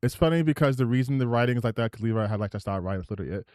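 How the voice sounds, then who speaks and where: Animated, rambling male streamer. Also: medium pitch, rapid-fire, dry recording, studio quality. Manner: animated and rambling, with many restarts. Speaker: streamer host. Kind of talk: live reaction commentary.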